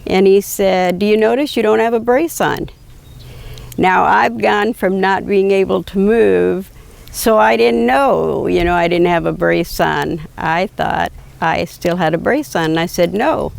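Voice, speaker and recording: An older woman slowly recounting a personal story, quoting others with frequent hesitations and fillers. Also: mid-range voice, creaky. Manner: slow, reflective, quoting dialogue with hesitations. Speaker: patient telling her story.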